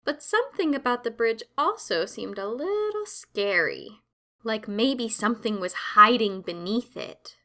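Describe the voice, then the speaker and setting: A woman narrating classic children's stories in a slow, clear and expressive storytelling manner. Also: on the high side.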